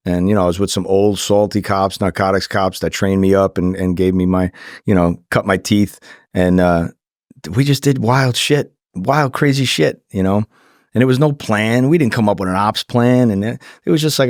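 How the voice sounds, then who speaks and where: A man with a fairly low voice tells old-school police stories on a podcast, hammering his points home by repeating them. He is close-miked, and the room adds no echo. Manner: emphatic, repeats phrases for stress. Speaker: former undercover officer, guest. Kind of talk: casual storytelling. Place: podcast studio. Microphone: studio mic.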